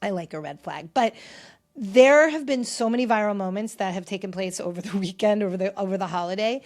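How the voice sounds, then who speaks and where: A woman hosting a pop culture podcast, talking in a chatty, opinionated way and often swinging between loud and quiet. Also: mid-range voice. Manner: chatty, opinionated, shifts loudness a lot. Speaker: podcast host. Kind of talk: casual pop culture commentary.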